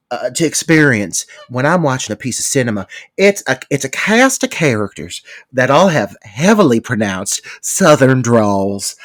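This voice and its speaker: Male podcast co-host, lively swinging pitch, bubbly and chatty, dry close sound. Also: no room sound. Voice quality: animated, gushing, laughs often. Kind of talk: casual chat.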